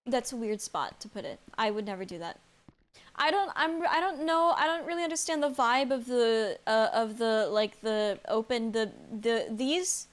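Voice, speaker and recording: A woman's voice: fairly high pitch, expressive, normal speed. A woman live-streaming a game from home into a desk mic, chatting casually, reacting aloud, answering chat and laughing often. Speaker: streamer playing a horror game.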